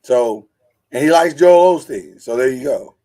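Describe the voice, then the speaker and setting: A man hosting a podcast in casual chat, animated and joking, with preacher-like flourishes. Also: medium pitch, a little slow, rough recording. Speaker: podcast host.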